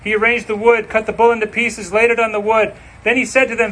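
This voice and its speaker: A male pastor delivering a sermon, reading scripture and preaching with slow, emphatic, dramatic phrases. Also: high-pitched, little pitch movement, fairly bright tone, low-quality recording.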